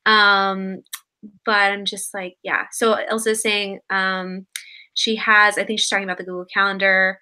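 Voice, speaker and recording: A woman's voice: mid-range voice, little pitch movement, unhurried, sharp tone. A woman hosting a live online writers workshop, talking casually with lots of fillers, in her morning voice. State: morning voice, slightly husky. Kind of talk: casual live video chat.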